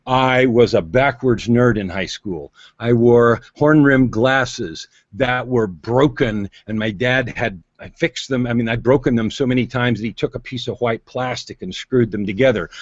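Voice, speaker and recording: A man with a husky voice coaches and tells stories on a video call, leaning on drama and sudden changes of pace. The audio is muffled and lo-fi. It sounds dry and close. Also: medium pitch, no echo. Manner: dramatic, emphatic, varies pace for effect. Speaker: guest on-camera presence coach. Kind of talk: animated storytelling interview. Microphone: video call mic.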